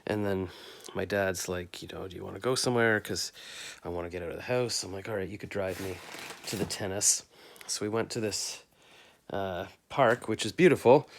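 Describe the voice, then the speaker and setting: A chatty man with a low voice and vocal fry rambles through a casual daily recap vlog, poking fun at himself. He's recording on a phone camera in his bedroom at home, with a little hiss or hum in the audio.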